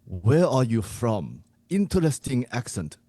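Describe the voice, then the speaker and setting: A man's voice: mid-range voice, big pitch swings, a little slow, mellow, no echo, pitched above the performer's own voice. A man voicing a stern old male sensei coach with grandiose, clipped, mock-formal speech. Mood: haughty.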